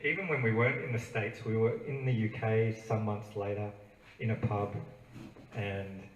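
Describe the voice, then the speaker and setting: An Australian man spins a rambling, self-amused anecdote between songs at a small bookstore gig. His voice sits fairly low, and it reaches the recording from a distance through a roomy space. A faint hum of ambience runs underneath. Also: fairly even intonation, normal speed, highs cut off. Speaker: singer-songwriter telling a story between songs. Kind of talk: comic storytelling at a live gig. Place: small bookstore venue with an audience.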